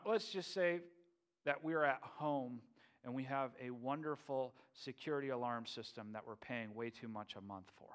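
Pastor guy preaching, playful and animated, acts out bible stories. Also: mid-range voice. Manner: animated, acts out biblical figures with playful humor. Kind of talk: sermon.

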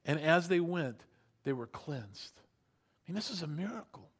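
A man preaching a sermon, animated, building up loud then dropping to hushed emphasis, and having the congregation repeat words after him. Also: fairly high pitch, a little slow, breathy edge. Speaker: pastor.

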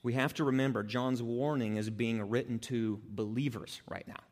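A male pastor preaches with lively energy, slipping into the voices of the people in his stories. His voice sits at an ordinary middle pitch and rings with a long reverb, as in a large hall. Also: moderate pace. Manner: animated preaching that acts out quoted people. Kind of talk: sermon.

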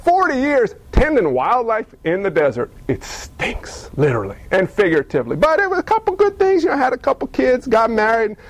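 A man's voice: very high voice, wildly swooping pitch, brisk, hardly any pauses, full character voice. A man voicing Moses as a weary, self-pitying complainer, telling his story as comic grumbling.

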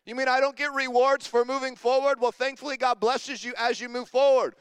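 High-voiced preaching pastor, man. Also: brisk, few pauses, clean tone, no echo. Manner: energetic preaching with calls to the congregation. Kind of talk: sermon.

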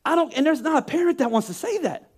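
A man's voice: extremely high pitch, lively intonation, fast. A man in his thirties preaching a sermon, emphatic and rhetorical, often acting out the voices of the people he quotes. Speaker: pastor.

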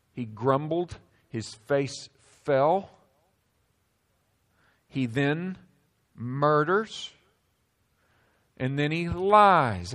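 A male pastor preaching a sermon, swinging between loud emphasis and sudden hushed drops. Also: a little high, lively intonation, very slow, pauses often.

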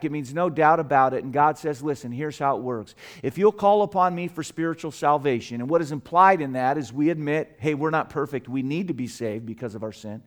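A man preaching a sermon as pastor. He drops low and soft, then builds to loud, emphatic peaks, and slows down to stretch out the scripture quotes. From United States. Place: church sanctuary.

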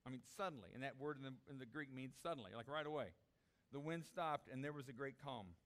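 A man preaching a sermon, animated, acting out the disciples' desperate cries. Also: medium pitch, fast talker. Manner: animated, acts out voices of the disciples. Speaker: pastor.

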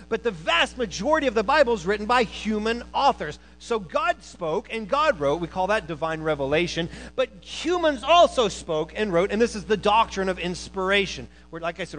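Male preacher with a high voice, lively sermon delivery, punchy emphasis then hushed asides. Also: a little fast, few pauses, poor audio. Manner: animated, swings between loud emphasis and quiet asides. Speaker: preacher and college teacher.

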